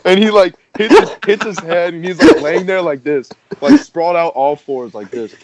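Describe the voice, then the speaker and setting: A man's voice: high-pitched, animated, normal speed, over a noisy crowd. A young man telling a story casually on a podcast, rambling with many fillers and laughing as he goes. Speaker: podcast host. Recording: dull, dry podcast audio.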